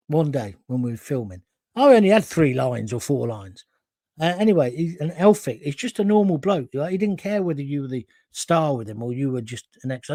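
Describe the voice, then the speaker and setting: A man's voice: medium pitch, mellow, no room sound, clean studio sound. A middle-aged man hosting a live talk show, chatting through viewer comments and wandering into anecdotes.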